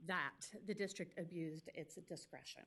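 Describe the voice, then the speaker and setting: A woman attorney speaking for a school district, giving a formal legal argument at a public hearing in a quick, pointed, argumentative way. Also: on the low side, sharp tone, slightly rough. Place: public meeting hearing room.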